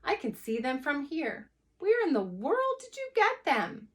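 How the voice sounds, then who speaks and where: A woman reading to children voices a brisk neighbor lady, firm and matter-of-fact. She talks plainly, as if nothing escapes her. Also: on the high side, big pitch swings, a bit bright, far from the mic, heavily acted. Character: brisk, no-nonsense neighbor woman, den mother.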